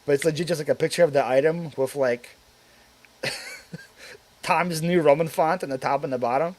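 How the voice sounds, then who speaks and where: A man with a higher-pitched voice speaks at normal speed while hosting a casual live stream. He rambles with lots of filler words, reading viewer comments aloud before answering them.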